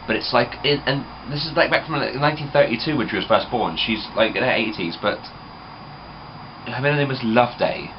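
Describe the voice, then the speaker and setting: A man's voice: mid-range voice, brisk. Young man, rambling chatty vlog talk, dull audio, noisy background. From England. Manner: chatty, rambling, many fillers. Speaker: vlogger. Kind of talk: casual vlog chat.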